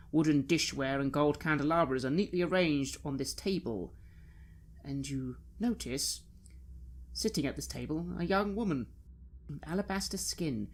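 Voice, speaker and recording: A man with a slightly high, slightly bright voice acts as game master for a tabletop horror game. He narrates with detailed, vivid descriptions that set each scene.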